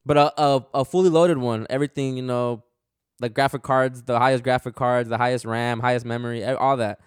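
Laid-back young podcast host, smooth dry voice. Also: male voice, medium pitch, fairly even intonation, brisk, dry recording. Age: 20s. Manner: laid-back, agreeable, slangy. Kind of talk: casual podcast chat.

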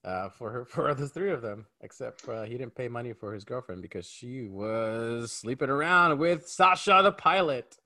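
A man's voice: medium pitch, expressive, normal speed, few pauses, bright, forceful tone. A man co-hosting a casual film review podcast, emphatic and ranting in friendly chat. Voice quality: married.

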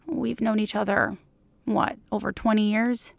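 A woman reading the part of an eager middle-aged man, speaking in a soft, breathy half-whisper in a fan fiction audiobook. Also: mid-range voice, steady tone, unhurried, dry recording. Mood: hushed, eager.

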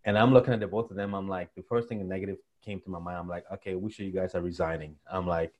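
A man's voice: sits low, quick pace, highs cut off. A young man telling his story as a guest in an interview, acting out the voices of the people he quotes. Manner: animated storyteller, acts out quotes.

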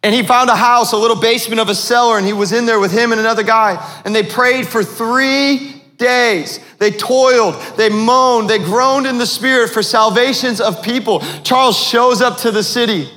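A man's voice: very high-pitched, normal speed, sharp tone, big-room sound. A man preaching a sermon as pastor, asking the congregation questions as he goes.

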